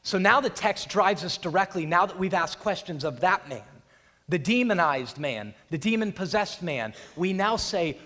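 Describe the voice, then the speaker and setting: A man preaches with a high, lively voice, retelling a scripture scene with drama and acting out what its people say. His voice rings out with the long reverb of a large hall. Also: moderate pace. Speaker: pastor. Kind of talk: sermon.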